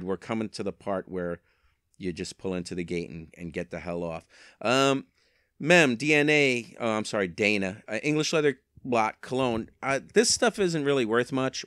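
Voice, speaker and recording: Here the eBay reseller's voice is lowish, smooth and fairly bright as he chats through his resale sales in a laid-back vlog. He holds a handheld mic, wandering off on tangents with self-mocking, wry remarks. The sound is studio quality, without any echo.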